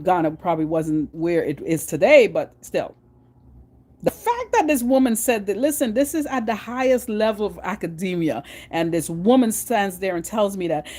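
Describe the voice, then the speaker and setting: A middle-aged woman from Guyana with a Guyanese accent, chatting to her vlog audience in an animated, storytelling way with frequent restarts. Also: mid-range voice. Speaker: vlogger. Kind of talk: casual monologue.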